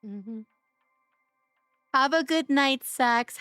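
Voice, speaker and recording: A woman's voice: medium pitch, moderate pace, fairly bright tone, dry recording, clean studio sound, soft background music. A woman streaming a game live, chatting and teasing her viewers by name, her voice worn from days of streaming. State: losing her voice. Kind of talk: casual live-stream chat.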